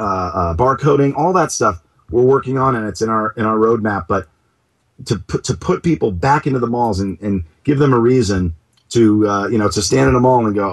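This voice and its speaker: A man being interviewed as a company co-founder, talking in an animated, jokey way. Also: mid-range voice. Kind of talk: casual interview.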